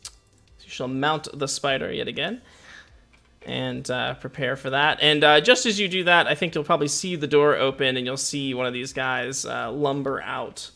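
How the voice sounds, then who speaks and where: Gravelly game master narrating. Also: male voice, mid-range voice, normal speed. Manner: relaxed, hesitant, lots of uhs and laughs.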